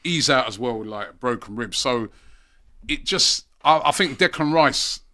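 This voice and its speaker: A middle-aged man chatting casually about football as a podcast pundit, animated and repeating his points for emphasis. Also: medium pitch, unhurried.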